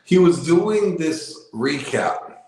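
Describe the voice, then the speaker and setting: A man's slightly high voice rings through a very echoey room. He is a guest in a casual chat, rambling through a long anecdote with fillers. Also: sing-song, slow, a little mellow. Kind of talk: casual storytelling.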